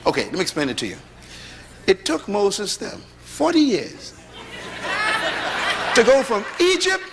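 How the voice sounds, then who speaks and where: A middle-aged man preaching a sermon to an audience, lively, with rhetorical questions and humorous storytelling. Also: high-pitched, unhurried, long pauses, a faint crowd, slight background noise. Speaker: pastor. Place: large hall with audience. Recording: echoey hall, faint ambience.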